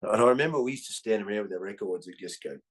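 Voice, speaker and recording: A man in his fifties with an Australian accent, swearing freely and tagging his lines with "right?" as he tells animated stories in a casual chat. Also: lowish voice, very fast. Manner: animated storyteller. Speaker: guest comedian.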